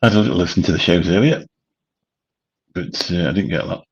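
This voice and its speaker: A man's voice: low-pitched, lively intonation, fast talker, vocal fry, slightly rough, lo-fi sound. A man, rambling casually as host of a late-night livestream chat. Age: 50s. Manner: rambling, chatty, swears casually. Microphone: studio mic through a mixer.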